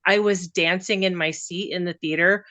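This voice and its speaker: A woman chatting casually as a guest, animated and joking. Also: on the low side, moderate pace, no room sound. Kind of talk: casual chat.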